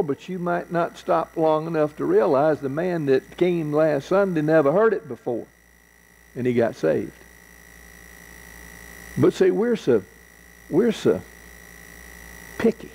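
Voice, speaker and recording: Gravelly, slow-talking male pastor. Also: a little high, animated, warm tone, low-quality recording. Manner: earnest, repeats phrases for emphasis. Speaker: pastor teaching a Bible class. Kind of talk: church Bible class teaching and closing prayer.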